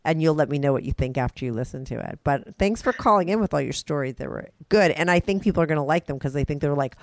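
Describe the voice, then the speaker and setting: A woman's voice: low voice, lively intonation, quick pace, no echo. A woman hosting a podcast who chats frankly with a caller, swearing freely. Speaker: podcast host. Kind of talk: casual phone interview chat.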